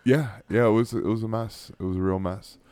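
A middle-aged man with a very low voice hosts a casual podcast, telling stories in an animated way that breaks into laughter. The sound is dry and close, with no room around it. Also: fairly quick, no room sound. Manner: animated storyteller, laughs often, stumbles and restarts. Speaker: podcast host.

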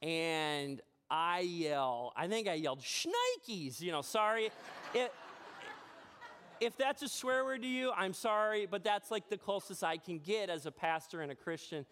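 A man preaching a sermon as pastor in a church, telling a personal story in a chatty, animated way with self-deprecating humor. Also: sits high, unhurried, clear, resonant tone. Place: church sanctuary.

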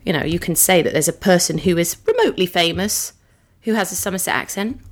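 A woman's voice: on the low side, lively intonation, quick pace. Teasing woman co-host. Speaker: podcast co-host. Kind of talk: casual chat.

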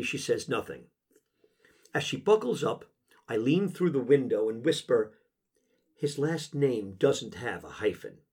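A middle-aged man reads his own memoir in a husky voice, intimate and measured. His pitch rises and falls freely, carrying the feeling of each line. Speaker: narrator. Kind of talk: audiobook memoir narration.

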